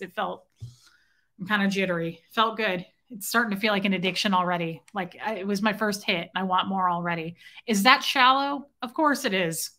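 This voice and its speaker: A young woman with a medium-pitched, fairly bright voice hosts an informal livestream. Playful chatter mixes with comments she reads from viewers, plus the occasional snatch of song.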